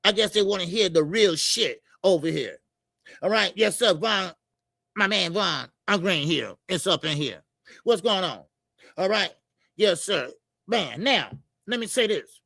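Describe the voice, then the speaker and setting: A man hosting a casual boxing livestream, greeting viewers by name and repeating "yes sir" and "all right" between shout-outs. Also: high-pitched, lively intonation, a little slow, creaky, dry recording. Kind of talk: casual live-stream chat.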